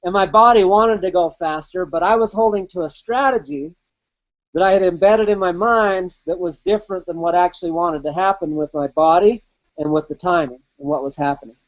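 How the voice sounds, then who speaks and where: His high voice moves a little quickly, and the recording has a dull quality. As a podcast host, he vividly relates his own race experience in casual, profane terms, voicing his inner thoughts aloud.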